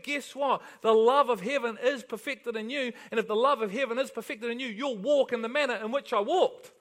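High-voiced man preaching emphatically. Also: fairly bright tone. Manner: emphatic, rhetorical questions to the congregation. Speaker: pastor. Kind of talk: sermon.

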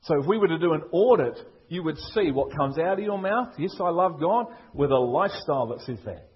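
Husky Liverpool-accented preacher. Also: male voice, on the high side, lively intonation, a little fast, lo-fi sound. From England. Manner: emphatic, rhetorical questions, repetitive preaching. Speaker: pastor. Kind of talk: sermon.

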